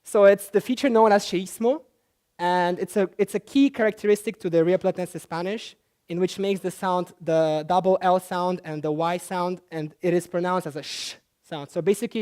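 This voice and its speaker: A man presenting a talk to an audience, explaining at an easy pace with frequent pauses and self-corrections. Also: sits high, fairly even intonation, a little mellow, clear, resonant tone. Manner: halting, with frequent fillers and restarts. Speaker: conference presenter. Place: talk at a language festival.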